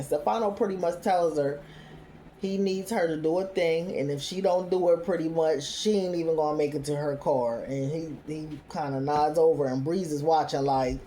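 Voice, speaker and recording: Low, mellow-voiced woman recapping TV. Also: normal speed, slight background noise. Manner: retells scenes loosely, quoting characters, with frequent "you know what I'm saying". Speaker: TV recap host. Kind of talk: casual TV episode recap.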